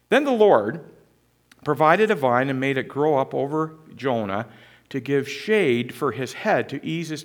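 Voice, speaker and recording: Animated male preacher with lively pitch. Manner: animated, dramatic scripture reading. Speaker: pastor. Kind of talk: sermon.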